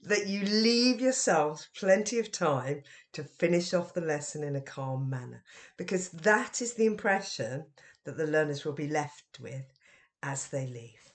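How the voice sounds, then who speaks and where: A middle-aged woman, talking about how teachers should handle their first meeting with a class in an expressive, question-led way. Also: deep voice, measured pace. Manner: lively and expressive, with emphatic questions. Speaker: teacher trainer and author. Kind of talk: educational podcast talk.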